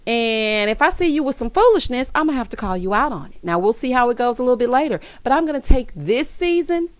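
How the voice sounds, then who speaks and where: A sassy woman talking through a reality show recap, full of side-eye asides, honeys and childs. She throws in loud, high bursts of laughter. The sound is dry and close. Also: big pitch swings, fast, no room sound. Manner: addresses viewers as honey and child. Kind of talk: casual recap commentary.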